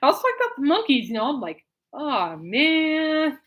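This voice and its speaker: A woman's voice: high-pitched, wildly swooping pitch, rapid-fire, dull audio. A woman hosting a podcast in a casual live-stream chat, rambling and breaking into giggles often. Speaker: podcast host.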